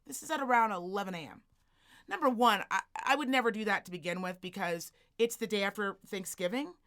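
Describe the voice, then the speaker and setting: A woman co-hosting a podcast, telling a story as a profane, animated rant and acting out the people in it. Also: medium pitch, fairly quick. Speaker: podcast co-host.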